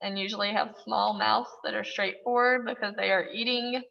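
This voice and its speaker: Gravelly-voiced woman teaching a class. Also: mid-range voice, steady tone, moderate pace, in a large hall, highs cut off. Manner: explanatory, with occasional fillers. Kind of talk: classroom lecture.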